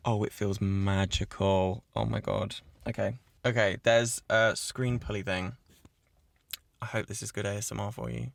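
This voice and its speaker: A man hosting his own podcast in casual chat, gushing and swearing a lot as he gets excited. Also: lowish voice, measured pace, creaky, dry recording. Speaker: podcast host. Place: cabin in the woods.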